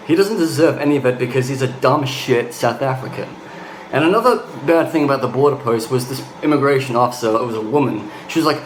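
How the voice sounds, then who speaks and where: A young man from Australia rants bluntly through a casual travel vlog, restarting his sentences as he goes. His voice bounces around a roomy, echoing space. Steady background ambience runs clearly underneath him. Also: medium pitch, brisk, a little hiss or hum. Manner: blunt, ranting, restarts often. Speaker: travel vlogger.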